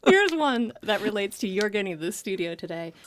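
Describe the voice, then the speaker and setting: A woman's voice: medium pitch, fairly even intonation, fast, slight background noise. Playful joke-telling woman host. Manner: playful, tells jokes, upbeat. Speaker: podcast host. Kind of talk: casual interview chat.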